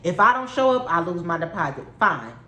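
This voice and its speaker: A woman's voice: fairly low pitch, very animated, fairly quick, sharp tone. Heated, profane young woman in an echoey room. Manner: heated, profane, repeats herself for emphasis. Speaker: vlogger telling a story. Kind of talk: storytime vlog.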